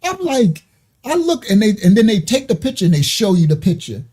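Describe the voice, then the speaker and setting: A middle-aged man hosts a ministry talk show, speaking in a slightly raised, warm-toned voice with a husky edge. He tells his story in an emotional, rambling way, correcting himself on details as he goes. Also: high-pitched, big pitch swings, fast. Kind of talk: casual personal storytelling.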